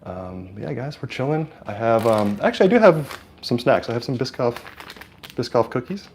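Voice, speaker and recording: A man's voice: mid-range voice, sing-song, moderate pace, darkish tone, slight background noise. A man from California hosting a casual live stream with a lapel mic, chatting with viewers and calling the plays, with lots of fillers. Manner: chatty, hesitant with many fillers, hyped at plays. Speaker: livestream host. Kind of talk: casual live-stream chat and game commentary.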